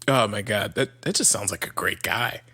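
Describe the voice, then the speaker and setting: A man's voice: fairly low pitch, normal speed, sharp tone, breathy edge. Dry, wisecracking podcast co-host man. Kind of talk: casual chat.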